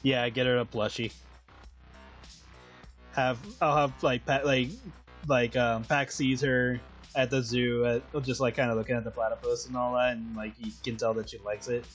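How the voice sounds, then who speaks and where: A man's voice: medium pitch, little pitch movement, moderate pace, soft background music. A man chatting casually while drawing on a stream, rambling, laughing often and swearing. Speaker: streaming artist.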